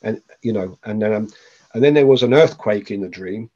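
A man's voice: lowish voice, a little fast, mellow, highs cut off. A man, a podcast guest, tells a personal story with animation and acts out the voices of the people in it.

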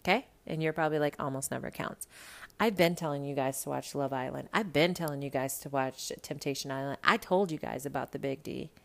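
A woman hosting a podcast in casual chat, animated and profane, talking straight to her listeners about reality TV. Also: sits low, fast talker, vocal fry, hardly any pauses. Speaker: podcast host.

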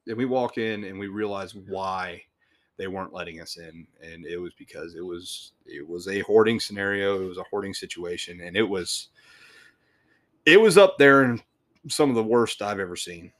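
A man's voice: low voice, moderate pace. A man hosting a podcast, telling a work story in a casual, rambling way with swearing, restarts and chuckles.

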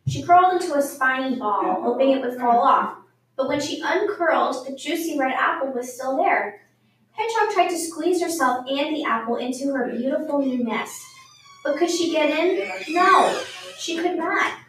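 A woman reading a picture book aloud for children at storytime in a lively, expressive way. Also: high voice, moderate pace. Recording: very echoey room, mic far off.

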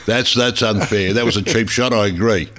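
A man's voice: lowish voice, moderate pace, background noise. An older Australian man giving blunt, rambling opinions as a regular on a talk radio show.

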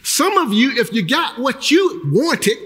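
A male pastor preaching a sermon, breaking into shouted emphasis and acting out the people he quotes. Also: very high voice, very animated, unhurried, big-room sound.

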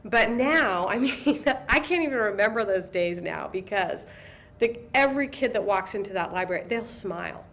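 A woman being interviewed as a librarian, telling stories with lively energy and briefly imitating the excited kids she works with. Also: mid-range voice, moderate pace. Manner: animated storyteller, acts out kids' voices with excitement. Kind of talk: conversational interview.

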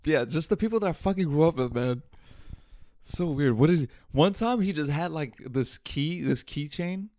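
A man's voice: a little high, normal speed, no echo. Male podcaster, casual profane storyteller, dry close sound. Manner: profane, animated storytelling with laughs. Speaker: podcast host.

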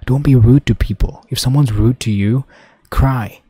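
A young man hosting a casual solo podcast, rambling and swearing, dropping to mumbles and then bursting out loud. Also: mid-range voice, moderate pace, slightly rough, no echo, clean studio sound. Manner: rambling, profane, swings between mumbling and loud outbursts. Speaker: podcast host.

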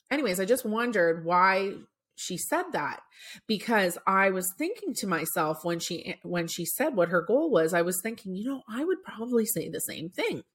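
A woman's voice: medium pitch, a bit bright. A woman hosting a podcast, telling a story in a chatty, casual way with many filler words and moments of being choked up. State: choked up at times. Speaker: podcast host.

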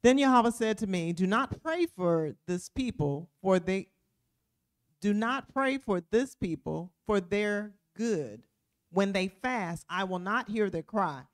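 A woman reading scripture aloud at a steady, measured pace during a Bible lesson. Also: medium pitch. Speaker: scripture reader.

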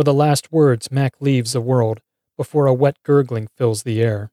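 A man's voice: mid-range voice, steady tone, measured pace, warm tone, no room sound, clean studio sound. A man narrating a first-person horror story in a wry, dramatic scripted style.

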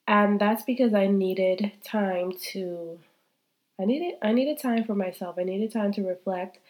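A woman in her thirties, still congested from a cold, hosts a faith-based podcast in a mid-range voice with a darkish tone. Her delivery is candid, heartfelt and repetitive, aimed straight at her listeners.

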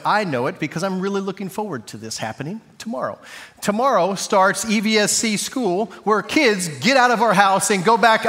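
High-voiced casual man preaching. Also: a bit bright, long reverb tail. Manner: casual, joking, conversational. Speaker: pastor. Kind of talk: sermon. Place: church sanctuary.

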